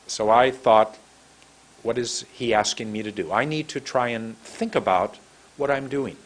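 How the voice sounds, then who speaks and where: A man's voice: medium pitch, unhurried. A middle-aged man with a San Francisco American accent, telling a story as an English pronunciation teacher and demonstrating how he stretches his words. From United States. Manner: demonstrates mouth positions, stretching words long. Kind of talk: storytelling lesson to camera.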